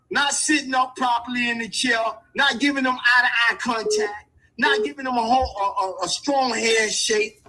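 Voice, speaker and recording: A man's voice: very high voice, moderate pace, sharp tone, rough recording. A man talking in an impassioned, street-wise way, hammering his points with repetition like a lecture. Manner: emphatic and repetitive, preachy.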